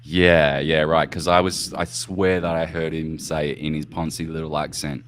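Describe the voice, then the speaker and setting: Very deep-voiced laughing male host. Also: steady tone, normal speed, few pauses, slight background noise. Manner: laughing, swearing, rambling. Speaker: podcast host. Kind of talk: casual chat.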